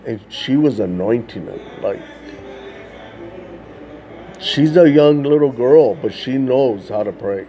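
An unhurried man recounts a ministry story in a casual, animated way. His voice is dark and mellow, his delivery is dotted with filler words, and soft music plays faintly underneath. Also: medium pitch. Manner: animated, acts out the children's voices, frequent "like" fillers. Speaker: ministry worker telling a story.

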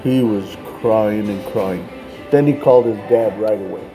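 A man's voice: on the low side, measured pace, over music, poor audio. A man working as a street minister, telling a personal story in a casual way, with lots of "like" and "man".

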